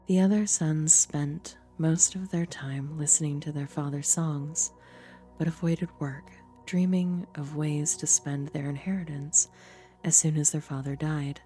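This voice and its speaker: Low, mellow-voiced woman reading lore. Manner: theatrical, deliberate storybook delivery. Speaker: streamer and voice actor. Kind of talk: reading game lore aloud as a storyteller.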